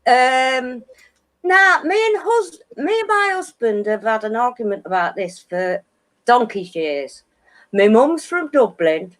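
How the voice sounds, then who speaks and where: A woman's voice: fairly high pitch, big pitch swings, slow pace. An older woman with a Derbyshire accent, co-hosting a casual live chat and laughing often, on a video call. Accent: Northern English, Derbyshire. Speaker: co-host.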